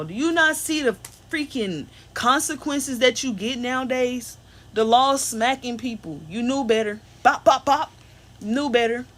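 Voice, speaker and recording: A woman rants straight to her audience in a loose, rambling monologue, heavy on slang and blunt put-downs. Her voice sits fairly high for a woman. She keeps the tone emphatic from one thought to the next. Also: fairly bright tone. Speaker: spiritual reader. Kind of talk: unscripted venting monologue.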